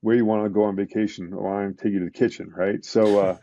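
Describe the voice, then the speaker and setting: A middle-aged man, a retired police detective, telling a painful story in a casual podcast interview, with halting restarts and fillers. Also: lowish voice, level tone, dark tone, lo-fi sound. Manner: emotional, halting retelling with many restarts and fillers.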